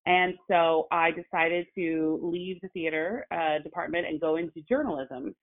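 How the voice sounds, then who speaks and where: Woman, low voice, phone-line sound, chatty guest, lively storytelling with lots of ums. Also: moderate pace. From Oklahoma. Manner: animated storytelling with many fillers. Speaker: guest, actress and journalist. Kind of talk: casual conversation.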